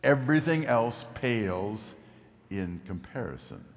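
In a spacious hall with a long, trailing reverb, a male pastor gives a lively sermon. He emphasizes important words by going deep and deliberate.

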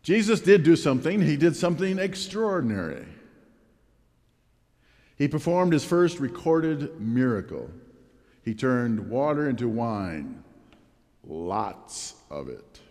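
A man's voice: fairly high pitch, expressive, measured pace, darkish tone, in a large hall. A man preaching a sermon as a pastor, asking the congregation rhetorical questions.

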